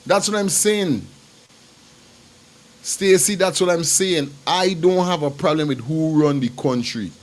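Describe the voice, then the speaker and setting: A man's voice: fairly high pitch, measured pace, a little hiss or hum. Emphatic man hosting a livestream. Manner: emphatic and repetitive, talks straight to viewers. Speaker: livestream host. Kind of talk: casual commentary.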